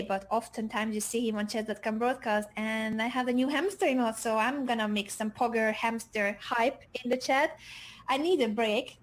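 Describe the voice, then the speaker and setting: Female chess co-commentator, high pitch, energetic stream hype. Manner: energetic, hypes up the stream chat.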